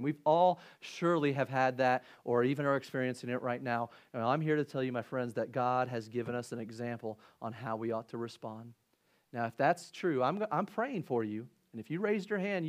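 A man pastoring a church delivers a sermon and altar call in its auditorium. His preaching swells to loud, high-pitched peaks, then eases into a soft, gentle invitation.

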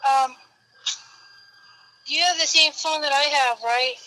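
A woman's voice: high voice, fairly even intonation, slow, sharp tone, poor audio. A woman answering questions in a matter-of-fact way. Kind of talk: casual banter.

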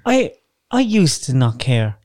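A man's voice: mid-range voice, big pitch swings, slow, darkish tone. A man chatting casually on a podcast, teasing and joking. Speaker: podcast co-host. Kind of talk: casual chat.

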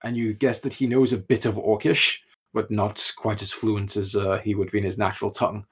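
A young man narrating a tabletop game as game master, in an animated style with chuckles. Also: on the low side, fairly quick, breathy edge.

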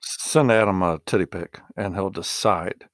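A man co-hosting a casual podcast, joking and swearing with quick reactions. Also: deep voice, no room sound, studio quality. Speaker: podcast co-host. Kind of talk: casual crude podcast banter.

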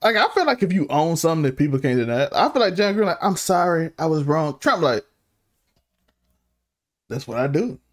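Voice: medium pitch, fast, hardly any pauses. A podcast co-host in casual sports chat, asking blunt questions. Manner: animated, asks blunt questions.

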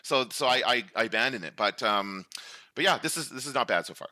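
A man co-hosting a casual chat, talking in a rambling, animated way and laughing often. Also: medium pitch, fairly quick, no room sound. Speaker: podcast co-host.

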